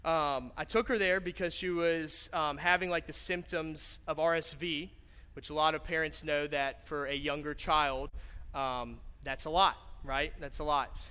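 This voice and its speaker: Bright-voiced young pastor in a hall. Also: male voice, fairly high pitch, fairly even intonation, unhurried, clean tone. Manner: conversational, jokey, building to fervent appeals. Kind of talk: sermon with personal story. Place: church auditorium. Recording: church hall reverb with soft guitar.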